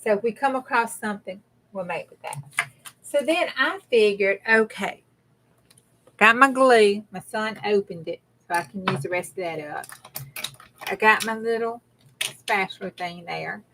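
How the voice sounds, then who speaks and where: A middle-aged woman with a drawl chats casually as she crafts on a livestream. Her talk rambles in a folksy way, and she stops to greet viewers by name. Her voice sits at an ordinary middle pitch. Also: measured pace, a bit bright, a little hiss or hum. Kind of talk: casual chat while crafting.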